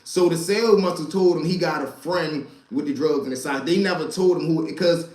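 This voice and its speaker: A man telling street stories to a live chat, animated and profane, talking straight to his listeners as y'all. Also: on the high side, a little fast, roomy sound. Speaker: storyteller and stream host.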